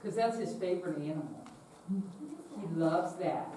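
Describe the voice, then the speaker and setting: A woman leading a children's message in church, gently asking the children questions. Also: on the low side, normal speed. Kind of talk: children's sermon. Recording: echoey room, far from mic, noisy.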